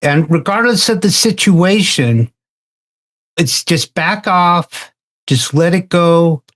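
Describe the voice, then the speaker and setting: A man in a casual roundtable discussion, telling a story in a halting way and often repeating words. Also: on the high side, expressive, fairly bright tone. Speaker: roundtable participant.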